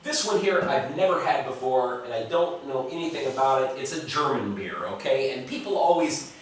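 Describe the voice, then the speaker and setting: A man's voice: medium pitch, moderate pace, far from the mic, slight background noise. Blunt profane American man, echoey room. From United States. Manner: blunt and profane, talks to the viewer. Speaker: vlogger reviewing beers. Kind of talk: casual beer review vlog. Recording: very echoey room, voice a bit off-mic.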